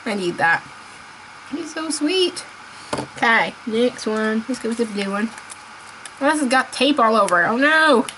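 A woman chatting casually as she unboxes toys, gushing and excitable, laughing often. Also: a little high, unhurried, long pauses, noisy background. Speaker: unboxing vlogger.

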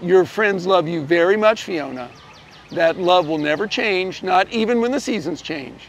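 A man reading a children's picture book aloud, gently telling the story and shifting his voice a little for each character. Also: high-pitched, animated, moderate pace, slight background noise. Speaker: storybook reader.

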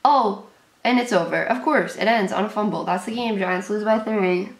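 A woman's voice: mid-range voice, normal speed, roomy sound. A young woman calling an American football game live as a fan, in short clipped sentences, nervous and anxious. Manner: nervous play-by-play, shrieking at big plays. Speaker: sports fan commentator. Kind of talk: live game reaction commentary.

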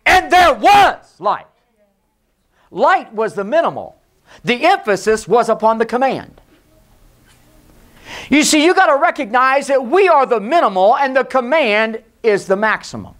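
A pastor giving an emphatic sermon in a church, sometimes hushed and sometimes shouting, and calling on the congregation to repeat his words. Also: very high-pitched, lively intonation, moderate pace. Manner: leads the congregation in call and response. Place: church sanctuary.

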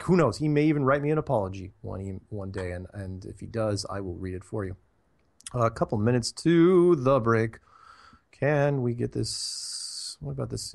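A man's voice: medium pitch, gravelly. A man hosting a show, reading listener emails and answering with rambling, chatty asides. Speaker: podcast host.

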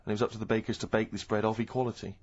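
A man's voice: on the low side, level tone, racing, darkish tone. A man co-hosting a radio show in casual banter, telling stories in a dry, wry way. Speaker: radio co-host. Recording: dull lo-fi radio audio.

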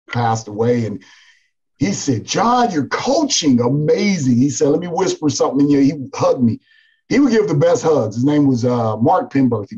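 A basketball coach talking in a casual podcast conversation, telling animated stories and often dropping "man" and "like". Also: medium pitch, slightly rough, lo-fi sound. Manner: animated storytelling, frequent "man" and "like".

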